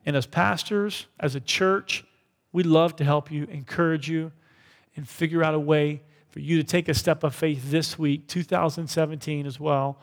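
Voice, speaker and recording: A man's voice: fairly high pitch, steady tone, moderate pace, in a large hall. A man preaching a sermon as pastor, in a conversational way, often checking in with "right?". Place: church hall.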